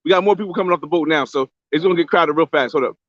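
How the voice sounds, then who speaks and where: A young man live-streaming a casual travel vlog from a beach, talking loosely in slang and shouting out viewers on a handheld phone. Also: on the high side, rapid-fire, no echo. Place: outdoors on a beach by a boat landing. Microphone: phone camera held by hand. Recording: slightly dull lo-fi phone audio.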